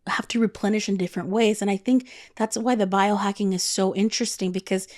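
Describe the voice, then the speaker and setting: A woman's voice: medium pitch, fairly even intonation, fast talker, a little mellow. Chatty woman podcast host. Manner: chatty storyteller, many fillers. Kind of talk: casual chat.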